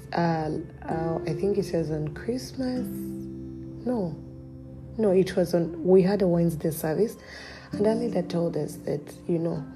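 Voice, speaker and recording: Earnest woman giving spiritual encouragement. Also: on the low side. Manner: earnest, exhorting, laughs often, drops to near-whispers. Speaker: Christian podcast host. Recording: music playing behind.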